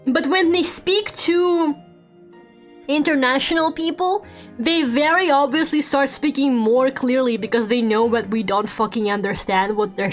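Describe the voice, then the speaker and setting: A woman streamer chatting casually while drawing, swearing freely and laughing often. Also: sits high. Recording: faint background music.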